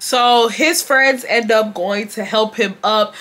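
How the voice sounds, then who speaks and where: Dramatic, bright-voiced young woman telling a story. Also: a little high, takes it slowly. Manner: dramatic, animated, slangy, addresses viewers as y'all. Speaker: storytime vlogger. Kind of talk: casual storytelling to camera.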